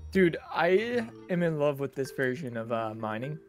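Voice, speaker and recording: A man's voice: a little high, very animated, takes it slowly, soft background music. A man playing a multiplayer game with friends, chatting eagerly and casually. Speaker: gaming channel regular. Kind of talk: casual gameplay chat.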